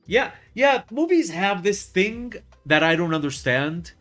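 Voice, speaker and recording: Guy rambling on a live art stream, bouncy lively pitch, lots of ums and restarts, faint music underneath. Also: a little slow. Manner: rambling, chatty, many fillers and restarts; wry, lively storytelling. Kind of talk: casual chat while drawing on stream.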